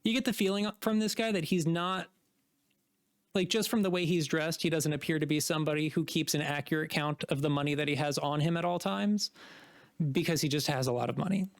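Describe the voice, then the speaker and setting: Guy running a dnd game, casual and a bit hesitant, kinda high voice, dry. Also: steady tone, brisk, no room sound. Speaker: dungeon master. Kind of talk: narrating a tabletop game.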